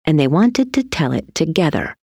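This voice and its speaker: A woman reading a children's story aloud in an expressive, deliberate storytelling manner. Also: sits low, husky, no echo, studio quality. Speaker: narrator.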